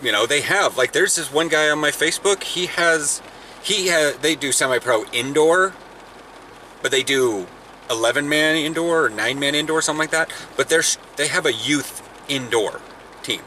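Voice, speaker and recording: A man's voice: on the high side, normal speed, bright, forceful tone, slight background noise. A young man chatting casually in a car while vlogging, rambling with restarts and laughs. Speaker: vlogger, football player. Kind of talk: casual chat. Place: in a car, then outdoors.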